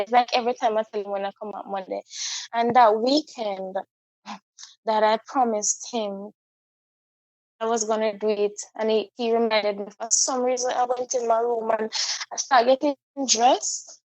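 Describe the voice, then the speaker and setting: Woman guest, fairly high voice, halting and heartfelt, dull dry lo-fi recording. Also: fairly even intonation, darkish tone, no echo. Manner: halting, heartfelt, repeats herself. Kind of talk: personal storytelling.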